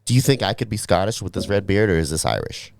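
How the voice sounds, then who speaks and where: A young man trading crude jokes in a casual podcast chat. His pitch swings widely, and the sound is close and dry with no room echo. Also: animated, quick pace, vocal fry. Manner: joking, crude, puts on mock accents. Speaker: podcast co-host.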